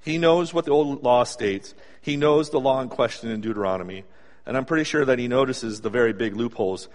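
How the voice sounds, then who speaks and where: A man preaching a sermon in a conversational, animated storytelling way, acting out asides as he goes. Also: medium pitch, a little fast. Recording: long hall reverb.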